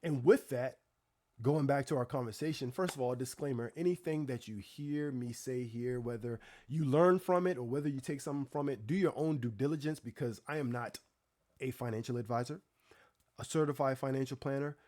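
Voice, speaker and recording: A man hosting a live stream, telling a story in casual chat with animated, exasperated rhetorical asides to his viewers. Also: mid-range voice, brisk. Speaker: livestream host.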